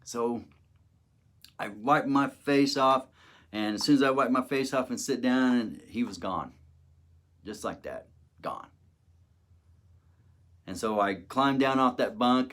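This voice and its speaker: A man's voice: mid-range voice, a little slow, long pauses, a bit bright. A middle-aged man telling a personal testimony, emotional and dramatic, acting out the quoted words. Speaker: testimony speaker.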